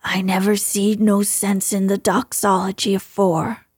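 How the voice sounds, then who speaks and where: Woman doing a hoarse stubborn old gardener. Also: medium pitch, steady tone, slow pace, dry recording, studio quality, full character voice. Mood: gruff. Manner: hoarse, dialect speech.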